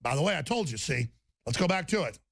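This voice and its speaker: Fiery high-voiced gravelly male host. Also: sing-song, quick pace, a little hiss or hum. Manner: intense, repeats himself, breaks into shouting. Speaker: radio show host. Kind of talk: impassioned rant.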